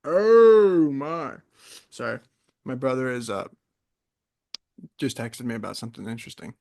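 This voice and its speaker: A young man in casual podcast chat, an animated storyteller who wanders into tangents. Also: medium pitch, a little slow, creaky. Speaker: podcast co-host.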